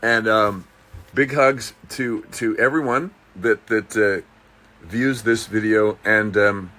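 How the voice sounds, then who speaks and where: A man recording a casual personal video message. He talks in a halting, rambling way with many restarts and slips into dry, dark jokes. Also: on the low side, steady tone. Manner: dry, darkly joking.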